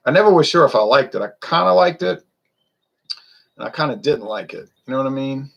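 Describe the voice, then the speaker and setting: A man's voice: mid-range voice, expressive, fairly quick, gravelly, a bit bright, highs cut off. A man, chatting loosely and rambling through a casual beer review. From Louisiana. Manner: rambling, chatty, wanders off topic.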